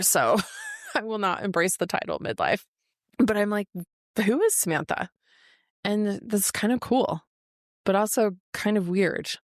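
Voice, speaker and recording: A woman's voice: on the low side, gravelly, dry recording, studio quality. A woman in her forties hosting her own podcast, talking frankly and confessionally, swearing freely. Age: 40s. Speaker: podcast host. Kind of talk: candid solo podcast monologue. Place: office.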